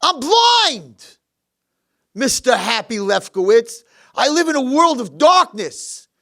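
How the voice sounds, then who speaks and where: A man voicing a miserable, cranky blind old man who shouts in a high, strained voice. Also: very animated, moderate pace, slightly rough, full character voice. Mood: bitter. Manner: shrill shouting, bitter.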